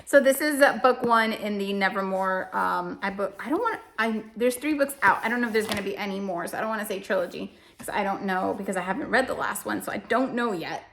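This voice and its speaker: A homeschooling parent casually chats while reviewing her family's reading, rambling a bit and correcting herself, emotional and self-deprecating. Her mid-range voice is brisk, gravelly, and fairly bright, with hardly any pauses and slight hiss or hum.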